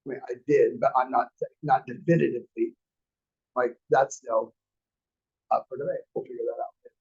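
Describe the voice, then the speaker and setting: A man's voice: medium pitch, steady tone, a little fast, gravelly, a little mellow, husky. A man in his forties teaching a class, rambling through personal anecdotes and acting out quotes in a dull lo-fi recording. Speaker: real estate class instructor. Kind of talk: casual storytelling lecture.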